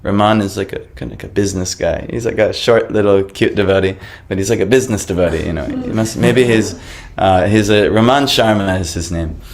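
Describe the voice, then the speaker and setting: A man casually telling the story of how he came to his faith, animated and laughing, acting out the voices of people in it. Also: lowish voice, brisk. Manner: animated, laughing, acts out quoted voices, many fillers.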